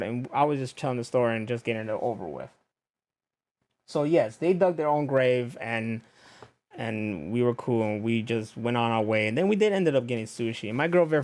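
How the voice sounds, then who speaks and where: Young male podcast host, slightly high voice, animated swearing storyteller who acts out other people's lines. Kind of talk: casual storytelling rant.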